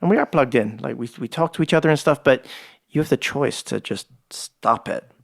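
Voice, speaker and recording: Lively, storytelling man, dry close sound. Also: medium pitch, a little fast, vocal fry, dry recording. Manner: lively storyteller, acts out quoted dialogue, swears casually. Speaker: podcast guest. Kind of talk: casual conversation. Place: ranch.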